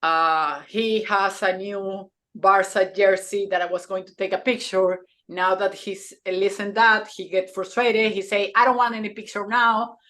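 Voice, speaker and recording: A woman in her thirties or forties shares a personal story as a podcast co-host, at an unhurried, deliberate pace. Her English is a second language, with small grammar slips, and she speaks earnestly. She often halts and restarts mid-thought. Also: medium pitch, fairly even intonation, fairly bright tone. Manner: earnest, halting, with frequent restarts.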